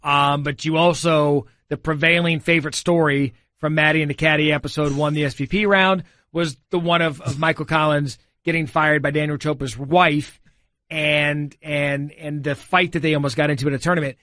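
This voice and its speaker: A man co-hosting a casual podcast in a studio, telling stories with animated energy and frequent laughter. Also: a little high, normal speed, no echo. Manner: animated storyteller, laughs often. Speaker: podcast co-host.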